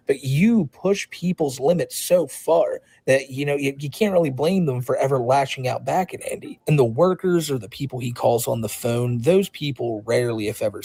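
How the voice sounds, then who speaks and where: A man's voice: medium pitch, a little mellow, slightly rough, poor audio. A man co-hosting a podcast, giving blunt, rambling, sarcastic commentary in casual talk. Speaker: podcast co-host.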